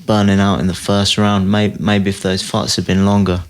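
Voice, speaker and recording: A man's voice: low voice, level tone, moderate pace. A young man, a mixed martial arts fighter, chatting casually as a podcast guest, laid-back and laughing easily.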